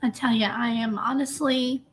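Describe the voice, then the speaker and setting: A woman's voice: on the high side, steady tone, normal speed, a little hiss or hum. Chatty woman streamer greeting viewers. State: emotionally drained. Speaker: true crime livestream host. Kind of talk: casual livestream chat.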